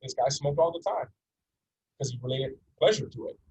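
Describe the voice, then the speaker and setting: A man's voice: mid-range voice, normal speed, a little mellow, breathy edge, poor audio. A man in his forties from North America, teaching a coaching session in an earnest, repetitive way and using stories to make his points. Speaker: life coach.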